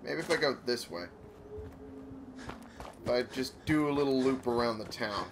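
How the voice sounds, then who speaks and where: A man's voice: medium pitch, moderate pace, background noise. A man giving casual gameplay commentary, muttering to himself, swearing often, and making fun of himself.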